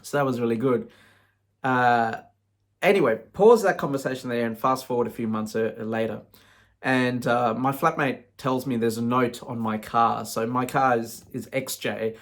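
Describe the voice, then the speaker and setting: A man's voice: mid-range voice, normal speed. Man, casual vlog monologue: frank, rambling, conversational, with a mid-range voice. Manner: frank, rambling, peppered with "you know". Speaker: vlogger.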